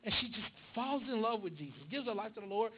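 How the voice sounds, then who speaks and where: A man's voice: sits high, fast, muffled recording, heavy background noise. A young man preaching a sermon, telling a family story animatedly and acting out the voices. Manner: animated, acts out dialogue.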